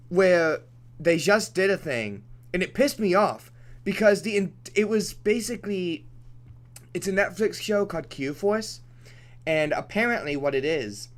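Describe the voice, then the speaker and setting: A man's voice: fairly high pitch, fairly bright tone. A young man streaming a game who goes off on a profane, rambling rant, restarting his sentences and laughing between points. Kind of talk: off-topic rant during a let's play.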